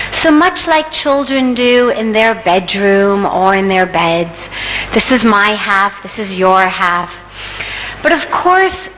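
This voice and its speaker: A woman giving a spiritual discourse at a yoga festival, telling a parable in a measured storytelling manner. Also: on the high side, fairly bright tone. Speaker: spiritual speaker. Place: large hall at a yoga festival. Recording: echoey hall with faint noise.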